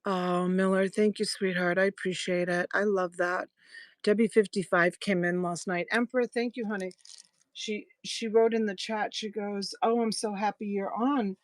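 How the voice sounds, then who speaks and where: A woman runs a casual live jewelry sale, talking to her viewers one by one and calling them sweetheart and honey. Her pitch sits in the middle range for a woman. The sound is dry, with no room echo. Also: steady tone, normal speed. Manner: chatty, affectionate, thanks viewers by name. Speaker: live-stream jewelry seller. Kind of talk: casual live-selling chat.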